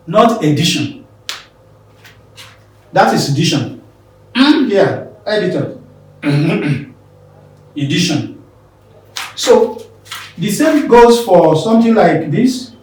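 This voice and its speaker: A man teaching pronunciation in a slow, drilling manner, repeating words for learners. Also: high-pitched, sing-song, a little mellow, a little hiss or hum. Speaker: English teacher. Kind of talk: classroom pronunciation lesson. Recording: very echoey room, mic far off.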